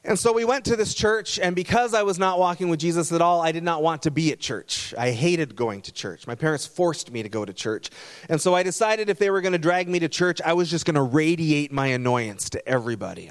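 A man preaches a sermon in a somewhat high voice. He tells stories earnestly and conversationally, building to his point. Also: clear, resonant tone. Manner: storytelling, earnest. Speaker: pastor.

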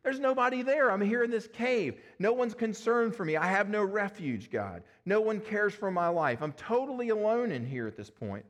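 A desperate man hiding alone in a cave cries out to God in a pleading voice, acted out by a male preacher mid-sermon. His voice sits somewhat high and strains upward. The delivery is close to the preacher's own, with only a light change for the part. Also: lively intonation, normal speed, few pauses, a bit bright, muffled recording. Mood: anguished.

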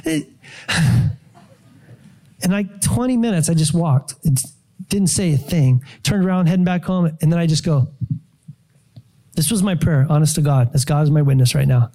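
Mellow-voiced male pastor telling a story. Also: sits high, normal speed, long pauses. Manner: animated storytelling, acts out his own prayers and surprise. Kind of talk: sermon testimony.

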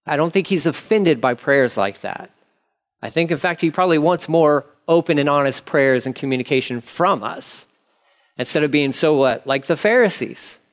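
A man preaching with a slightly higher voice than most men. His delivery is candid and conversational, and he speaks prayers aloud as if talking them through. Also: animated, moderate pace. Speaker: pastor. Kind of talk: sermon.

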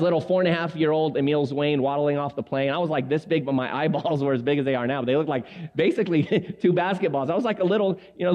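A man in his forties, born in Lebanon, preaching to men in a chatty, humorous storytelling way and acting out the people in his stories. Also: medium pitch. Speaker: preacher at a men's gathering. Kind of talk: storytelling sermon. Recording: echoey hall, dull lo-fi sound.

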